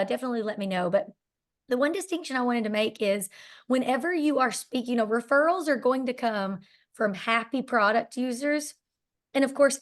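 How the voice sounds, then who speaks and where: A woman leading a team training call, chatty and eager, with plenty of fillers and asides. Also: fairly high pitch. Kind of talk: casual training talk.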